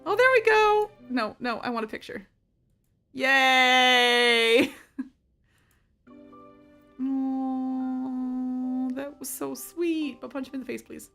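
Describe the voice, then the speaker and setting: A young woman giving excited, dramatic, laughing commentary on her game play-through, swearing freely. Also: high-pitched, takes it slowly, pauses often, faint music behind. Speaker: streamer.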